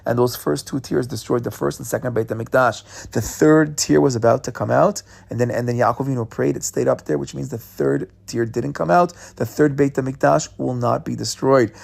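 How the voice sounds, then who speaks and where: A man delivers a Torah lecture in an animated teaching voice that carries a gravelly rasp. His pitch sits in an ordinary middle range, and he moves quickly between explanations, peppering his speech with Hebrew terms. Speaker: rabbi giving a Torah class.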